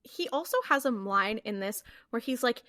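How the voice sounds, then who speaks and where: Bright-voiced young woman podcast co-host. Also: a little high, lively intonation, moderate pace, dry recording, clean studio sound. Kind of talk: casual rewatch podcast chat.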